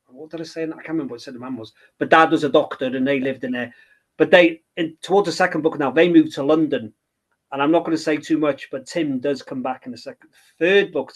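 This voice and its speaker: A middle-aged man, a children's book author chatting in an interview, rambling and hesitant with many restarts. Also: a little high. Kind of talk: casual interview chat.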